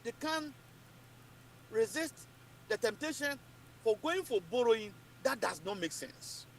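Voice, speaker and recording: A Ghanaian man giving animated political commentary, emphatic and repetitive, switching between English and Twi. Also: very high-pitched, unhurried, creaky.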